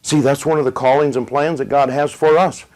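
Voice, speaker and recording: A middle-aged male preacher telling a testimony in a sermon. He paces the story with dramatic pauses, then pushes his voice up for emphasis. His pitch sits in an ordinary middle range for a man. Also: steady tone, a little mellow, poor audio.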